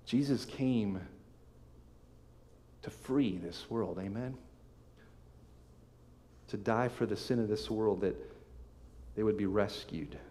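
A man preaching a sermon as pastor, reading scripture aloud with emphatic swells and sudden soft drops. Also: on the low side, slow, long pauses. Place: church sanctuary. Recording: long hall reverb.

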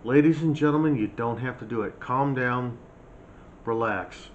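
A prepper vlogger rants in a blunt, mocking, scolding monologue, his medium-pitched voice at normal speed. The sound is slightly dull and lo-fi with faint hiss.

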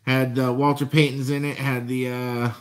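A man chatting casually to viewers while opening a box of trading cards. He gets excited and shouts over good finds. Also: mid-range voice, normal speed. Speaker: card collector vlogger.

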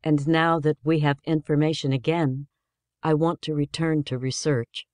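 A man voicing a determined woman starship captain who speaks gently and measuredly, raising his pitch for her. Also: little pitch movement, moderate pace, clean tone, dry recording, lightly acted. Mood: resolute.

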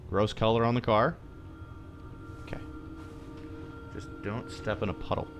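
A man's voice: fairly low pitch, steady tone, a little slow, over music. A young man playing a horror game and commentating, jittery, swearing often and talking to himself. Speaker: gaming streamer.

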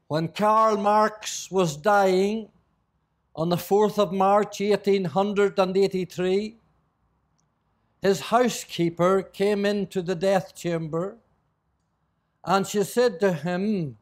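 A middle-aged male preacher from Northern Ireland, delivering an evangelical sermon and prayer in a solemn, measured way, with old-fashioned scripture phrasing. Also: sits high, steady tone. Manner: reads scripture in old King James phrasing, slow and solemn.

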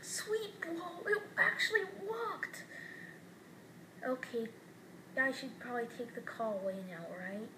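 A woman voicing a scheming young male turtle prankster who plots in a low-key, pleased way. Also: sing-song, slow, long pauses, background noise, exaggerated voice.

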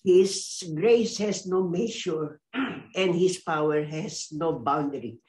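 A woman in her eighties giving a faith testimony in an interview, often pausing to search for words and laughing between thoughts. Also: low voice, darkish tone. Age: 80s.

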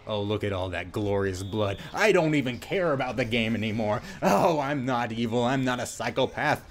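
A man's voice: medium pitch, lively intonation, moderate pace. A man giving playful, goofy let's-play commentary over a game, often stumbling and restarting his words. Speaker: gameplay commentator.

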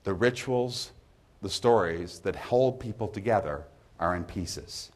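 Low-ish guy lecturing on poetry, measured and emphatic, uni lecture hall. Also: animated. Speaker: literature professor. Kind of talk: university lecture.

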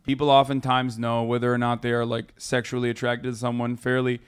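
Smooth-voiced man joking through a stream. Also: medium pitch, completely flat delivery. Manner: rapid, profane, joking banter. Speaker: streamer host. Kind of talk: casual reaction chat.

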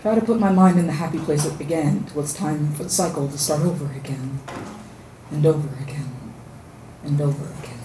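A woman at an open mic, reciting her own spoken-word poem with a steady rhyming rhythm. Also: deep voice, a little fast. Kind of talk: spoken-word poetry reading. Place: open mic venue indoors. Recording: echoey room from far off, noisy.

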